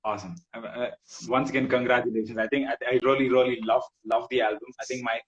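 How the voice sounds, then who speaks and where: A man's voice: mid-range voice, fairly even intonation. Laid-back man on a muffled call. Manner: laid-back, constant "right" backchannels, halting restarts. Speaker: host. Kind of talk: casual video-call interview.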